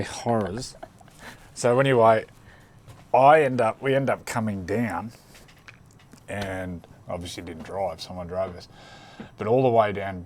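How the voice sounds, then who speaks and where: Lockerer australischer Mann mit tiefer Stimme. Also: male voice, lowish voice, a little hiss or hum. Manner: laconic, cheeky, laughing through anecdotes. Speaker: former rugby league player telling stories. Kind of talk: casual storytelling chat.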